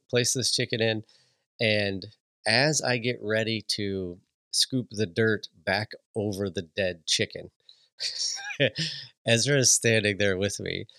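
Low-voiced man telling a story. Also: vocal fry, no room sound. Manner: animated, laughs often, many restarts. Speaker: podcast host. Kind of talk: casual storytelling monologue.

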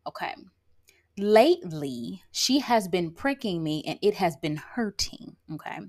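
This time she sounds animated but unhurried, her medium-pitched voice gravelly with a darkish tone. The lash and brow tattoo artist from the countryside monologues casually on her own podcast, sassy and emphatic, repeatedly checking in with "like" and "okay?".

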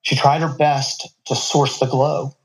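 A man's voice: medium pitch, level tone, unhurried, poor audio. Man reading a story aloud. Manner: casual asides between passages.

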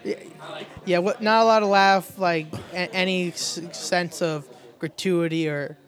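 A man's voice: sits high, a little slow, fairly bright tone, faint music behind. A man, a stand-up comedian, telling stories in a rambling, self-deprecating way during a casual chat.

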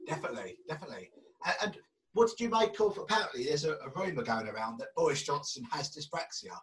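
A man's voice: fairly high pitch, sing-song, fast talker, a bit bright, recorded from a distance, rough recording. A podcast host asking questions in a casual, hesitant way and often repeating his words. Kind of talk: casual interview.

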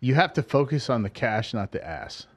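A man's voice: mid-range voice, normal speed. A man hosting a casual podcast chat, telling stories animatedly with frequent stumbling restarts.

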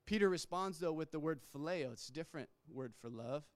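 A man's voice: a little high, animated, a little fast, no echo. A man preaching a sermon in a conversational way, restarting words and acting out quotes. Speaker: pastor.

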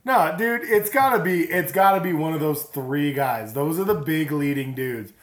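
A man's voice: a little high, moderate pace, roomy sound. A man co-hosting a casual chat, swearing and laughing through rambling banter, recorded on a phone. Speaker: podcast co-host. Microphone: phone app.

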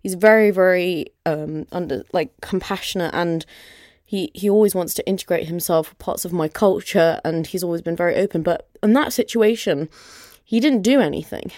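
A woman's voice: fairly low pitch, moderate pace, a little mellow, no echo, studio quality. A young woman hosts a podcast and tells a personal story candidly, with lots of "like" and "you know". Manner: candid, conversational, many fillers like "like" and "you know". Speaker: podcast host.

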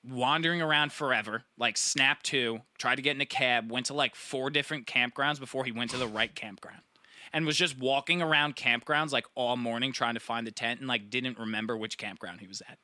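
A man's voice: medium pitch, brisk, dry recording. A young man telling a long, profane party story in casual chat, acting out his friends' lines. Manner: rambling, profane, animated storytelling; acts out friends' voices.

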